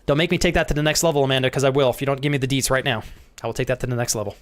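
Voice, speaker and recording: Talking very fast, a young man plays a game live and chats with viewers, calling out thanks to them by name. He swears freely and his voice shoots high whenever he gets excited.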